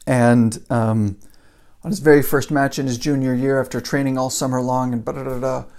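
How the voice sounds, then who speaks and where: Guy with a gravelly voice doing a casual motivational story talk, lots of repeating himself for effect. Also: mid-range voice, level tone, moderate pace, darkish tone. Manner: casual, repetitive phrasing, builds with repeated lines. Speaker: motivational speaker.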